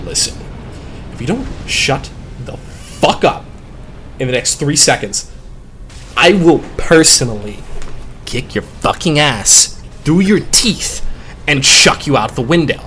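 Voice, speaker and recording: A man's voice: a little high, big pitch swings, slow, pauses often, bright, forceful tone, slight background noise, exaggerated voice. Threatening, swearing brawler in a rage, close to the speaker's own voice, a man doing it. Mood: menacing. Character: violent, foul-mouthed brother in a blood rage.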